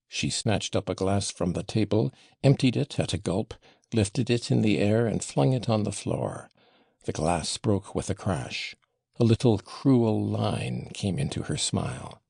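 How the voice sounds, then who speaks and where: A man narrating a classic novel for an audiobook in a measured, unhurried storytelling manner. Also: low voice, expressive, creaky, darkish tone, slightly rough, no room sound, studio quality.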